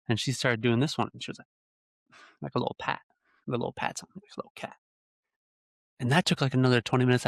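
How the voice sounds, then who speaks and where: A young man hosting a podcast, telling a rambling personal story in a relaxed conversational way, full of "you know" and "like". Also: mid-range voice, dry recording, studio quality. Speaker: podcast host. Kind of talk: casual solo storytelling.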